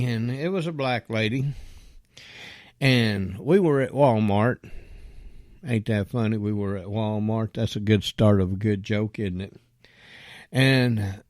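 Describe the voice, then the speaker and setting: A man's voice: mid-range voice, darkish tone, no room sound, studio quality. A man delivering an angry, profane rant that he aims straight at a politician. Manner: blunt and profane, addresses a politician directly.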